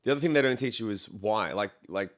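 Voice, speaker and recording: A man's voice: on the low side, fast. A man co-hosting a casual podcast, talking bluntly and opinionatedly, swearing and acting out quoted voices. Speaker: podcast co-host. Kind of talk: casual chat.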